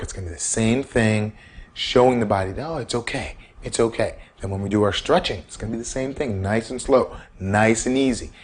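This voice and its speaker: A man giving casual, animated self-care advice, repeating key points and coaching the listener. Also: on the low side. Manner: animated, repetitive coaching, acts out quoted inner voices. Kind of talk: casual instructional talk.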